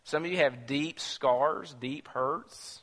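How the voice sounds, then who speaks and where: A man's voice: medium pitch, slow pace, a bit bright, in a large hall. A man preaching a sermon to his congregation, emphatic and full of rhetorical questions.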